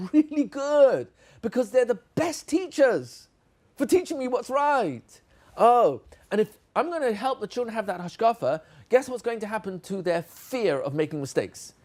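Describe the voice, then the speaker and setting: A man's voice: high-pitched, darkish tone. A man giving a teacher training session, playfully acting out classroom exchanges with children.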